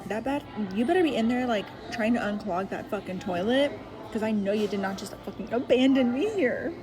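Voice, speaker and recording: A woman's voice: on the high side, expressive, a little fast, a crowd in the background, low-quality recording. A woman venting casually at a restaurant table, exasperated and swearing. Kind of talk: casual vlog rant.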